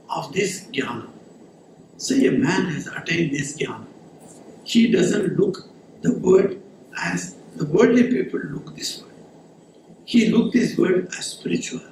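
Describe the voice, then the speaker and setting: A man's voice: sits high, a little mellow, slight background noise. A man, a monk giving an earnest spiritual discourse and explaining Sanskrit verses. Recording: echoey hall, voice from a distance, faint ambience.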